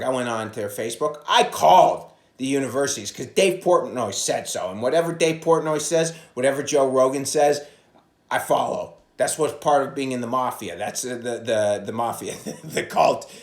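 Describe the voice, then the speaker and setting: Profane rambling comedian, echoey phone audio. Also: male voice, medium pitch. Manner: profane, rambling, jumps into loud impressions. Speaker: stand-up comedian. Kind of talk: casual solo podcast monologue. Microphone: phone propped against a coffee cup.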